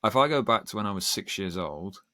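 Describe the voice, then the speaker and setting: Low-voiced man, earnest storyteller, dry close recording. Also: lively intonation, pushed and bright, no room sound. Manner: earnest, storytelling, quick bursts. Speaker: podcast guest, band singer. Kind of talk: casual podcast conversation.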